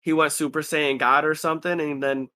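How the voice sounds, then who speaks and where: A man's voice: on the high side, little pitch movement, fairly quick, pushed and bright. A man chatting casually about anime in a laid-back, rambling way, acting out what friends said.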